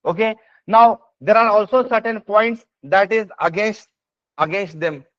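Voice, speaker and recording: A man with an Indian English accent gives a classroom lecture on exam essays, his voice sitting high and unhurried with no echo. He keeps asking "yes or no?" and "is this part clear?" to see if students follow, speaking emphatically through many fillers and restarts. The recording is dry, slightly dull and lo-fi.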